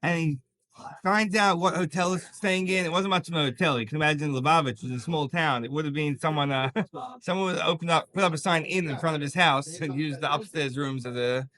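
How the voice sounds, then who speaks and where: A man, a rabbi teaching a class, telling stories in a lively way and acting out the characters' lines. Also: on the high side, fairly quick. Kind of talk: storytelling Torah class.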